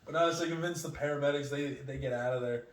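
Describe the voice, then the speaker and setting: Profane, animated male comedian storyteller. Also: fairly high pitch, fast. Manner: animated, profane, acts out other people's lines. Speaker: comedian guest. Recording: echoey room, distant mic.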